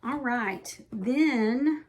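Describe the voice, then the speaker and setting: A woman with a slightly high voice talks casually to her viewers, cooing over little stitched motifs. She gushes in a chatty way and now and then drops to a soft hush. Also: drawn-out words. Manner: gushing, chatty, with soft hushed asides. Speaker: cross-stitch vlogger. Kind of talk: casual show-and-tell chat.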